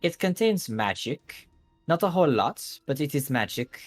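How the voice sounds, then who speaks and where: A man plays a grand, mysterious sorceress who drapes every line in theatrical warmth, calling strangers child and dearie. The voice sits well above his own, swooping high on the grand words. It comes across as a tabletop game character with background music under it. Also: very animated. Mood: intrigued. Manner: calls people child and dearie, drawn-out, grand.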